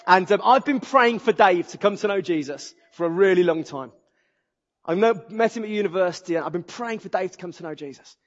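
Exuberant preacher in a reverberant hall. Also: male voice, high voice, brisk. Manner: exuberant, animated and humorous. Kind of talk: sermon with storytelling. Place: church auditorium. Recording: dull audio with long hall reverb.

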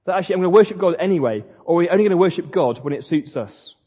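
A man's voice: high-pitched, lively intonation, rapid-fire, dark tone, slightly rough. A man preaching a sermon in a conversational way, with slips and restarts. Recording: dull lo-fi sound in a reverberant hall.

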